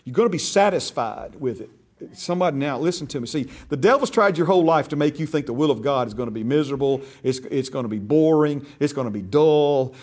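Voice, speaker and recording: A man's voice: a little high, animated, fast, a little mellow. A man teaching a church discipleship class in a folksy, conversational way. He often checks in with his listeners and restarts his sentences. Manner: checks in often with "right?" and "okay?"; folksy, with frequent restarts and repeated words.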